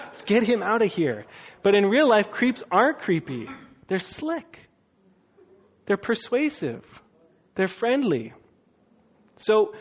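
A man's voice: high-pitched, muffled recording. A man preaching a sermon in a casual, conversational way, now and then acting out quotes in funny voices. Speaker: pastor.

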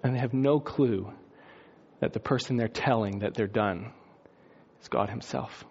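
A man preaching a lively sermon, swinging between loud excitement and hushed, quiet passages. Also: mid-range voice, a little slow, husky. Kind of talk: lively sermon with acted-out quotes. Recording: dull lo-fi sound.

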